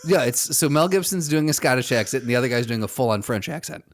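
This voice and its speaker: Lively, rambling male podcast co-host. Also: mid-range voice, quick pace. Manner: rambling, joking guesses, repeating words while thinking. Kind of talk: casual podcast chat.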